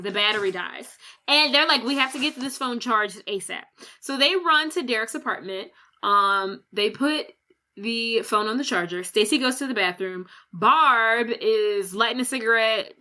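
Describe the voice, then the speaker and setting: A woman co-hosting a podcast, recapping a film plot in a lively, casual way, acting out characters' lines and swearing freely. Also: a little high. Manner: animated retelling with quoted voices and swearing. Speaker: podcast co-host.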